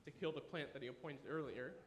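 A man in his thirties preaching a sermon, animated and enthusiastic, dropping at times to a quiet, earnest tone. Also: on the high side, fast talker, slight background noise. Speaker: pastor. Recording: echoey room with faint ambience.

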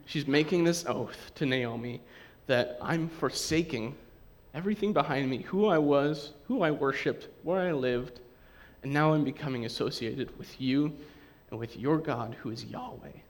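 A man preaching a sermon to a congregation, in a lively, conversational way, acting out the quotes he reads. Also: mid-range voice, normal speed. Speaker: pastor.

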